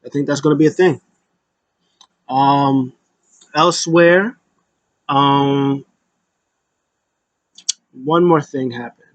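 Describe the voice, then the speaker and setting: A man rambles through a casual recap of wrestling events, using plenty of fillers and tossing in quick impressions of the wrestlers. His voice is medium-pitched, and the audio is dull with no echo.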